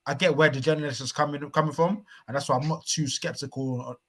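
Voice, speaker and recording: A man's voice: fairly high pitch, steady tone, fast talker, a bit bright, slight background noise. Reflective man telling a story. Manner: reflective, stammering restarts, storytelling. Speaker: podcast co-host. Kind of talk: casual football chat.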